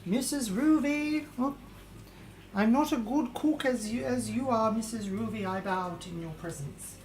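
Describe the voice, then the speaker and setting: A woman's voice: a little high, a little slow, darkish tone, echoey room, slight background noise, lightly acted. A woman playing a vain, posh English lady cooking in a home kitchen, with a put-on English accent. She talks theatrically and calls everyone darling. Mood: showy. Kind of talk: live-streamed comedy cooking show in character.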